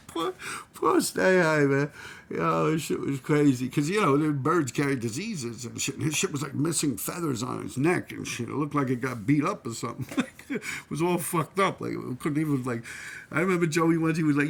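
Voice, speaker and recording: Middle-aged man, New York accent, gravelly voice, slightly high, streetwise and profane, casual storytelling. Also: expressive, moderate pace, a bit bright, slight background noise. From New York City. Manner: streetwise, profane, full of "man" and "yo", laughs at his own stories. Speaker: channel host and former graffiti writer.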